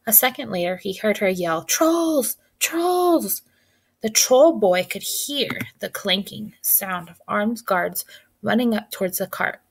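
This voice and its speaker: A woman reads a children's chapter book aloud in a gentle, clear delivery. Her voice sits in a middle register with a noticeable gravelly fry. The pacing is that of a patient storyteller. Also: medium pitch, moderate pace. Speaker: narrator.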